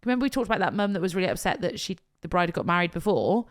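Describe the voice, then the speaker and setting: A woman's voice: lowish voice, very animated, rapid-fire. A woman co-hosting a podcast in casual chat, telling stories with frequent laughter and emotion. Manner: chatty storyteller, laughs often, emotional. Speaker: podcast co-host, wedding planner.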